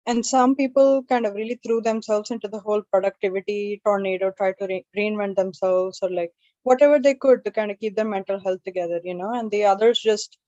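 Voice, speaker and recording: A woman's voice: medium pitch, mellow, no echo, highs cut off. A woman hosting an open mic and doing stand-up, telling stories in a chatty, self-deprecating way. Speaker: open mic emcee and comedian.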